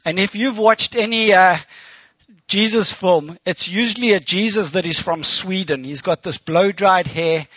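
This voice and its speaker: A man's voice: high voice, unhurried, fairly bright tone, no echo. A man with a South African accent preaching as a guest speaker, telling stories with animation and acting out quoted speech. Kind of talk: sermon. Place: church.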